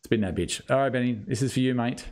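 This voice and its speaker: An Australian man hosts a casual podcast chat with his mates, blokey and loose, swearing now and then and cutting in over the others. His voice is medium-pitched with a darkish tone, and he talks fast.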